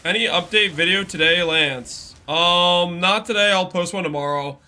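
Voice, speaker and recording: A man's voice: high voice, moderate pace, bright, forceful tone, faint music behind. A man streaming a game live, chatting casually and reading out and answering viewer messages. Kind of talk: casual live-stream commentary while gaming.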